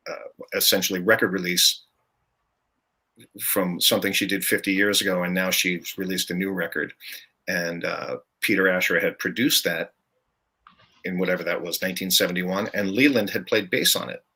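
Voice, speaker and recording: An older man with a low, deep voice that still rings bright and forceful. He chats easily as a guest on a podcast, telling stories about gigs and laughing often along the way. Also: slightly rough. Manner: chatty, storytelling, laughs often. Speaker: guest musician. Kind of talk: casual podcast chat.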